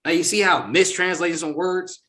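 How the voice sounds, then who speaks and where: A man with a high-pitched voice, speaking at normal speed, hosts a laid-back reaction discussion. His manner is lively and forceful, and he acts out quotes.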